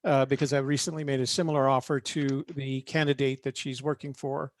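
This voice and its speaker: A man on a video call making a sales pitch in a halting way, full of fillers. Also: flat delivery, dry recording. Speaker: panel attendee offering live-stream production. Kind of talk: casual online panel chat. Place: home studio.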